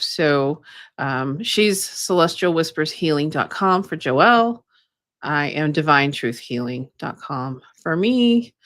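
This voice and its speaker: A woman's voice: deep voice, fairly bright tone, no room sound, studio quality. A woman co-hosting a casual live stream about energy healing, rambling with many fillers. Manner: rambling, many ums and you-knows. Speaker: co-host, energy healer.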